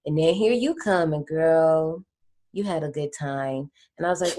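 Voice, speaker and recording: Woman podcast co-host, slightly low voice, animated slangy storyteller. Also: normal speed. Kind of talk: casual chat.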